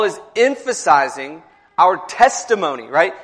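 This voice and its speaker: Male pastor, sermon in a church, slightly high pitch, conversational with emphatic builds. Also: measured pace, a bit bright. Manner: conversational, repeats words, builds to emphatic passages.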